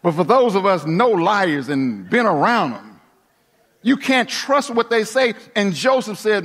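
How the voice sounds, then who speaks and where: A man preaching a sermon, dramatic, dropping to hushed tones and rising again for emphasis. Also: high voice, sing-song, a little slow. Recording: long reverb of a large hall.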